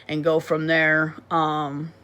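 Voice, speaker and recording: A woman's voice: deep voice, monotone, takes it slowly, fairly bright tone, clear, resonant tone. Rambling woman on a phone livestream. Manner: rambling and repetitive, frequent restarts; blunt, with frequent swearing. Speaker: livestream host. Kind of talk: casual livestream chat.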